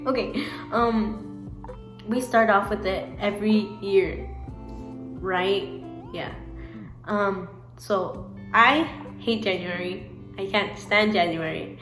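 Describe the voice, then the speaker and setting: A woman's voice: mid-range voice, slow pace, pauses often. A young-sounding woman talks to her camera in a loose, rambling way, laughing at herself and restarting her sentences. Her mid-range voice sits in a roomy, echoing space, with faint guitar music underneath. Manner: rambling, giggly, self-correcting, many fillers. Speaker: vlogger. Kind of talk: casual chat to camera.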